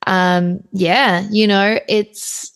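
A woman with an Australian accent, a singer chatting casually as a podcast guest, laughing often and pausing on fillers. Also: mid-range voice, fairly even intonation, smooth. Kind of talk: casual chat.

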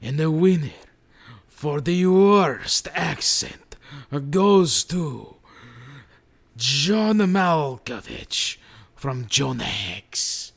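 A man's voice: on the high side, animated, drawn-out words, gravelly, slightly rough, voice pushed up, exaggerated voice. A man impersonating a male movie star who presents awards in a pompous, over-formal way.

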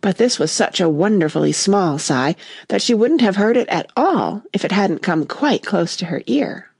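A woman narrating a classic children's story in a lively, expressive reading voice. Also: medium pitch, moderate pace, gravelly, slightly rough, no room sound, studio quality.

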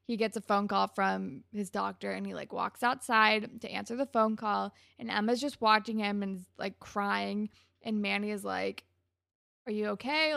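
A woman co-hosting a casual chat, recapping a TV episode with lively, emphatic storytelling. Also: medium pitch, creaky, dry recording, studio quality. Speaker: podcast co-host.

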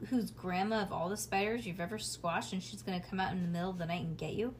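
A woman reading a storybook aloud and voicing a dramatic, mischievous little girl in an excitable, theatrical way. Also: on the low side, quick pace, slight background noise, lightly acted. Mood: excited.

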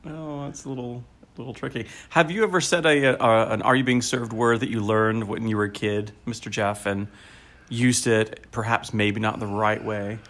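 A man in his forties co-hosts a casual podcast. He is lively and laughs often, and his chat is full of ums and uhs. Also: fairly low pitch, normal speed. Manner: lively and laughing, with many fillers. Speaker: podcast co-host.

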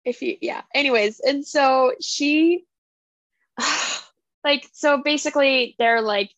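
A young woman co-hosting a casual book podcast, talking in animated bursts full of asides and acted-out quotes. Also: high voice, slow pace, dry recording, dull audio. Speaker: podcast co-host. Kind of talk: casual chat about books.

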